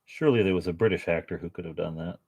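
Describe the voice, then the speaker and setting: Racing along in a low, creaky voice that's a little mellow and slightly rough, a miniature painter and channel host chats casually as he paints at home. He rambles, jokes at his own expense and adds playful asides.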